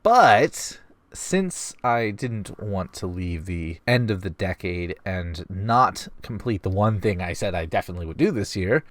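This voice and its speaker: A man's voice: on the low side, no echo. A man in his twenties with a stuffy nose, answering viewer questions in a wry, self-deprecating casual vlog. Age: 20s. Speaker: vlogger.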